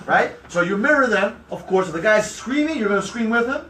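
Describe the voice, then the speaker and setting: A man's voice: high voice, animated, a little fast, sharp tone, slight background noise. A man leading a sales training for a group, brash and emphatic, acting out what customers say. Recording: echoey room, mic far off.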